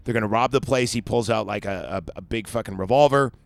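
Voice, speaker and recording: A man's voice: on the low side, a little fast, creaky. A man casually recapping a movie plot on a podcast, rambling and acting out bits of dialogue. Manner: rambling, acts out scenes in voices. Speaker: podcast host.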